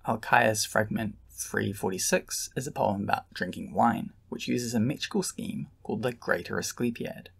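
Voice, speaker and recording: Male narrator for a lesson video, gravelly and a bit husky, steady and explanatory. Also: fairly low pitch. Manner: calm, measured explanation. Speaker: lecturer.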